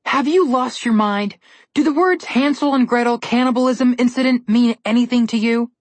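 A woman's voice: mid-range voice, lively intonation, fairly quick, no room sound, voice pushed up, natural voice. A woman voicing a cautious, sarcastic young boy in a storybook reading, with dry, indignant remarks. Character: sarcastic, cautious boy, the girl's twin brother.

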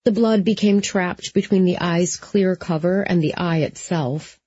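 A woman narrating an audiobook in a steady, even storytelling manner. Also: on the low side, unhurried, breathy edge, dry recording, lo-fi sound.

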